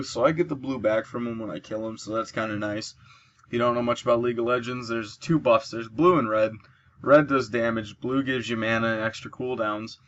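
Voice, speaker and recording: A man's voice: mid-range voice, lo-fi sound. A man giving chatty let's play commentary, explaining moves and cheering at his kills. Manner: chatty, explains mechanics, excited bursts at kills. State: sleepy, yawning. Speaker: gameplay commentator.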